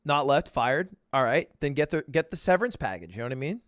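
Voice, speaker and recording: A man's voice: fairly high pitch, sing-song, quick pace, no echo, studio quality. A young man streaming live, chatting casually and joking, laughing often.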